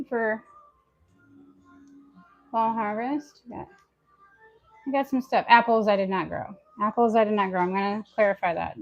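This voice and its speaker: Casual at-home vlogger, a woman chatting through chores, talking to herself and viewers, voice with some fry. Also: medium pitch, a little mellow, highs cut off. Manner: chatty, talks aloud to herself and viewers while working. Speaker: homestead lifestyle vlogger. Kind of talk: casual chat to camera while doing chores. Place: at home, indoors.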